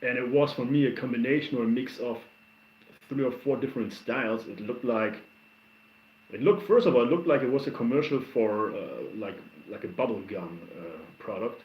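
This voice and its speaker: A man talks casually on a home livestream, answering comments and wandering into animated stories full of restarts. His voice sits at an ordinary middle pitch. The sound is roomy and a bit dull, like an echoey room picked up by a lo-fi mic. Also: moderate pace. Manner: rambling, animated storyteller with many restarts. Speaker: livestream host reacting to music. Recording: roomy, somewhat dull stream audio.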